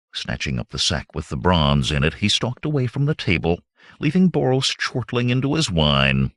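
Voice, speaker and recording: A man's voice: fairly low pitch, gravelly, a bit bright, dry recording, studio quality. A man narrating a fantasy novel as an audiobook, reading dramatically. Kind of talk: scripted narration.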